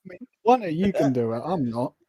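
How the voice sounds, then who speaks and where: A man's voice: on the high side, sing-song, a little fast, creaky, mellow, slightly rough, dry recording. A man co-hosting a casual podcast, blunt and stubborn, swearing freely. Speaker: podcast co-host.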